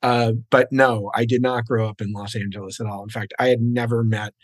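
A man's voice: medium pitch, level tone, a little fast, no echo. A middle-aged man chats easily as a screenwriter guest, joking at his own expense and using plenty of fillers. His voice sits in a middle range. The sound is dry and close. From New York, raised in New Jersey. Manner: genial, self-deprecating, with frequent uh fillers. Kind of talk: casual interview.

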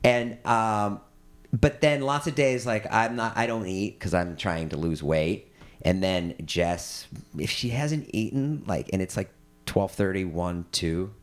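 A man talking as a guest in a casual chat, telling stories in a halting way and laughing often. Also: on the low side.

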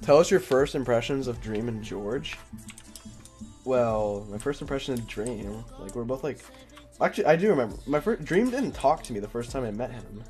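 Young man, casual gaming chat, rambling, laughs often, medium pitch. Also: lively intonation, moderate pace, darkish tone, soft background music. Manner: rambling, filler-heavy, giggly. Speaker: streamer.

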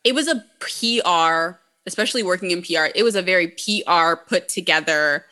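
Bright-voiced woman telling blunt stories. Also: fairly low pitch, normal speed. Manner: blunt and profane, heavy use of "like". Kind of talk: casual chat, storytelling.

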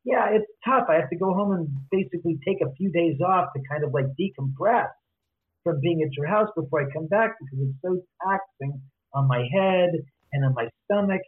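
A man, a guest author, retelling a story in lively detail and acting out both sides of each conversation. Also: on the high side, a little fast. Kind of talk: animated storytelling in an interview. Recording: tinny phone line.

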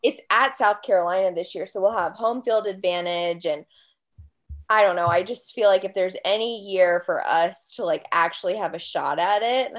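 A woman's voice: mid-range voice, moderate pace. A woman guest on a podcast, chatting casually and bluntly about her college football team. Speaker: guest fan.

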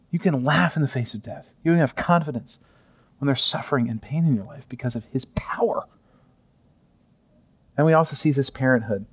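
A man in his thirties preaching a sermon in a conversational way, often chuckling and sometimes dropping to a soft near-whisper. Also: a little high. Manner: chuckles often while speaking. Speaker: pastor.

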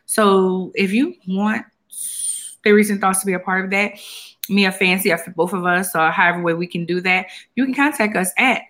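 A woman with a medium-pitched, fairly bright voice speaks at a moderate pace as a podcast co-host in a casual chat. She sounds tired and yawns, rambling with fillers.

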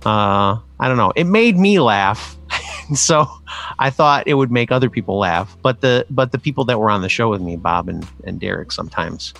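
A man co-hosts a casual live-streamed chat show. His pitch swings widely, and his voice has a gravelly fry. He tells stories with laughter and acts out what others said, with faint music behind him. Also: moderate pace. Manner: animated, laughing storyteller who acts out quotes.

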